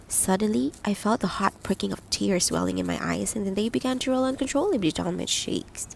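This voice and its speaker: Brief: female audiobook narrator, gentle reflective delivery, mid pitch, a touch of fry. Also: a little fast, hardly any pauses, a little hiss or hum, poor audio. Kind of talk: first-person audiobook narration.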